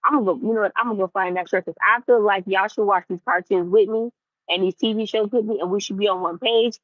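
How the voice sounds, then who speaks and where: A young woman vlogging in a casual, animated rant to her viewers, repeating herself for emphasis. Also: mid-range voice, quick pace, no echo, lo-fi sound. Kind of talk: casual ranting chat to viewers.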